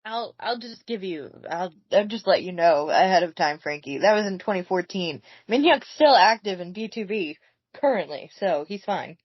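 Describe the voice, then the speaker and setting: A woman's voice: medium pitch, animated, normal speed, husky, no echo. A woman co-hosting a podcast in casual chat, playful and teasing. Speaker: podcast co-host. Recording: dull dry lo-fi audio.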